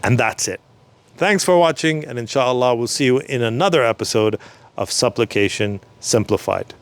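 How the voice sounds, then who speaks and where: Man teaching slowly and patiently. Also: medium pitch. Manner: repeats phrases more slowly for the learner. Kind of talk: slow, patient religious lesson.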